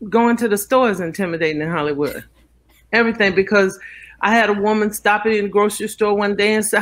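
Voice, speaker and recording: Animated older woman telling stories. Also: mid-range voice, fast. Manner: animated storyteller, acts out quoted voices. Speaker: interview guest, actress. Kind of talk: casual storytelling interview.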